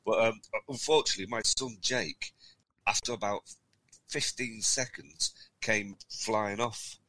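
A man's voice: lowish voice, measured pace, sharp tone, dry recording. A middle-aged man co-hosting a podcast, telling rambling, chuckling anecdotes in casual chat. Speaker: podcast co-host.

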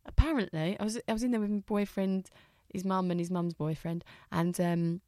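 A woman's voice: on the low side, fairly even intonation, normal speed, warm tone, no echo, clean studio sound. A woman comedian co-hosting a podcast, telling rambling, funny stories and acting out what other people said. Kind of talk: casual comedy chat.

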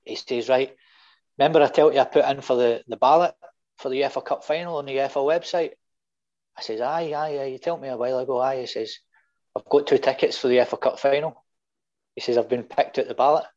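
Middle-aged Scottish guest, lively yarn-spinner, mid pitch, muffled audio. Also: male voice, fairly quick, long pauses. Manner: animated anecdotes with swearing and voiced quotes. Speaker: guest fan. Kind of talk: casual storytelling.

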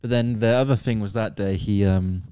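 A man's voice: lowish voice, normal speed, clear, resonant tone. A young man, telling stories candidly and animatedly in a casual podcast chat. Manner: animated storytelling, candid and swearing. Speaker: podcast co-host, son.

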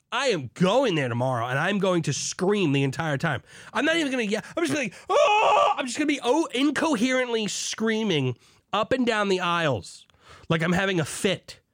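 A man hosts a beer podcast on his own, beer in hand. His voice runs high and leaps all over, from shouted preacher zeal to low muttered asides. The sound is dry and close, with almost no room. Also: no room sound. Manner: hyped, swings between shouting and low asides; swears, mock preacher zeal. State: drinking beer while talking. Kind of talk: excited solo podcast monologue.

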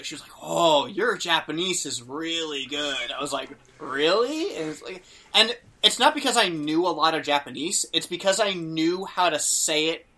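A young man chatting casually on a podcast, telling a travel story with lots of fillers and acted-out quotes. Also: a little high. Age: young adult. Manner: animated, acts out quotes, many fillers. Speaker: podcast host.

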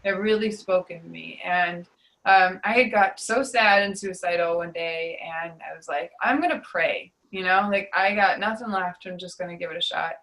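A young woman giving an emotional personal testimony in an interview, confessional and full of fillers, her voice sinking to a hush on the painful parts. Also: fairly low pitch, normal speed, poor audio. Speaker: guest sharing testimony.

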